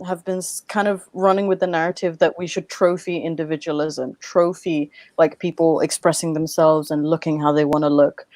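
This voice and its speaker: A woman who teaches, hosting a casual panel discussion, blunt and quick to swear, laughing between points. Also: lowish voice, darkish tone, dry recording. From London. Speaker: round table host.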